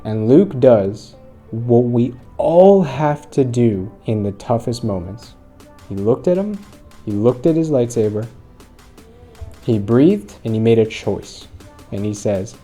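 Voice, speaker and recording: A man's voice: mid-range voice, lively intonation, a little slow, mellow, soft background music. A man hosting a channel who talks earnestly to his viewers, retelling a story to make a point. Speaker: host. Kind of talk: motivational commentary.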